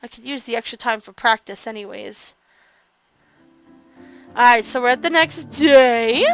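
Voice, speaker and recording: A woman's voice: high voice, bright, forceful tone. A woman streamer reading a visual novel aloud and reacting expressively to it.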